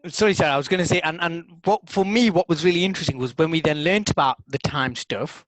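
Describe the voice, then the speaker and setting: A man, a podcast co-host, telling a story in casual chat with lively repeats and restarts. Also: fairly high pitch, fast talker, no echo, poor audio. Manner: animated storyteller, repeats words when excited. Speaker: podcast co-host, NLP practitioner.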